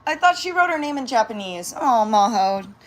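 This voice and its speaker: Speaking at a moderate pace with lively intonation, this young female vlogger has a slightly high voice. She's from San Diego, sounds Californian with a hint of New York, and keeps up a bubbly, casual livestream chat aimed at her audience and her pets.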